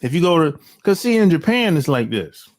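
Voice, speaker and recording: A man's voice: on the high side, very animated, fairly quick. A middle-aged man hosting his own channel, talking bluntly in a rambling, slangy monologue with sighs, restarts and profanity. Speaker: channel host. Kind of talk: casual opinion monologue.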